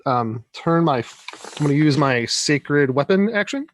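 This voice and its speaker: A man's voice: fairly high pitch, expressive, slight background noise. Laid-back man playing a tabletop game. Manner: laid-back, drawn-out, searching for words. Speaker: player. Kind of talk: casual tabletop game play.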